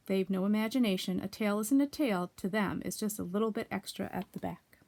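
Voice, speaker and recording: A woman voicing a gloomy old male donkey in a storybook reading, slow and grumbling. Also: mid-range voice, vocal fry, darkish tone.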